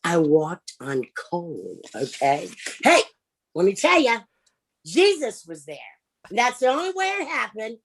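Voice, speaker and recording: A woman doing improvised stand-up on a livestream, brash and profane, swinging from loud outbursts to low mutters. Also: huge pitch swings, unhurried. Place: home, over a livestream.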